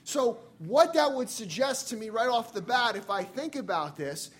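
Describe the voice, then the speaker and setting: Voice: medium pitch, big pitch swings, moderate pace, hardly any pauses, slightly rough. A preacher delivering a sermon in an earnest way, repeating key phrases for emphasis.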